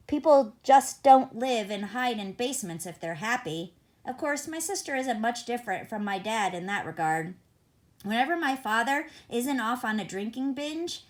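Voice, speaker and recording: A woman narrates a first-person novel in a conversational, wry tone, as if confiding in the listener. Her voice sits a little high, and the reading is reflective and unhurried. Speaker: audiobook reader.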